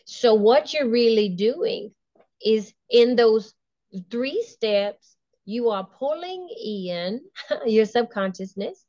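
A woman's voice: a little high, animated, takes it slowly, mellow, no echo. Enthusiastic woman guest on a dull, dry line. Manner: enthusiastic, laughs often, trails off and restarts. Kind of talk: casual interview talk.

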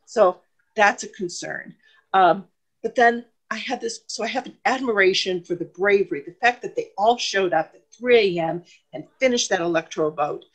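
A woman with a medium-pitched voice and moderate pace asks a question as a party member on a video call. She sounds emotional and hesitant, rambling with lots of ums and false starts.

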